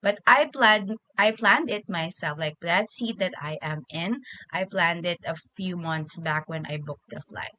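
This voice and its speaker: A woman co-hosting a podcast, chatting casually and chiming in quickly. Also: lowish voice, sharp tone, no room sound. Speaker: podcast co-host.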